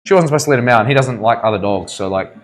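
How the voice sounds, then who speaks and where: A man's voice: mid-range voice, rapid-fire, rough recording. A man with a New Zealand accent, a tattoo artist chatting casually on a live stream and rambling through stories with plenty of swearing. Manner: laid-back, sweary, rambling storyteller.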